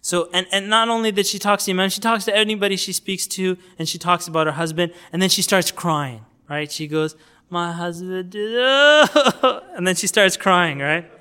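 Bright, high-voiced male preacher. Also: a little fast, hardly any pauses, clear, resonant tone. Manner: animated storytelling, acts out quoted voices. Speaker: Islamic preacher teaching outreach. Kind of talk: informal religious lecture.

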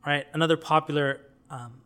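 Bright, high-voiced male preacher. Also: moderate pace. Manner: animated storytelling, acts out quoted voices. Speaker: Islamic preacher teaching outreach. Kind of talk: informal religious lecture.

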